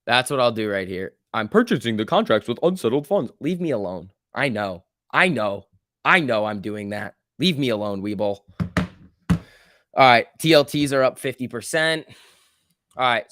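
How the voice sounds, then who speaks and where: A man hosting a live trading stream, giving loose running commentary, reading chat aloud and breaking into quick excited outbursts. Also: medium pitch, no room sound, clean studio sound. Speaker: livestream host.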